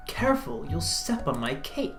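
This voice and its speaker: A streamer voicing a pompous, theatrical male vampire noble, reading game dialogue aloud in a raised, drawn-out voice. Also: mid-range voice, big pitch swings, soft background music, voice pushed up. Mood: haughty. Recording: roomy echo.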